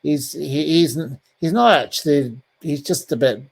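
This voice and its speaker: A man's voice: on the high side, unhurried, creaky, husky. A man with a British English accent, a journalist giving blunt, scathing opinions in an interview, with many ums and restarts. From England. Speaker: journalist guest. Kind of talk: interview over a call.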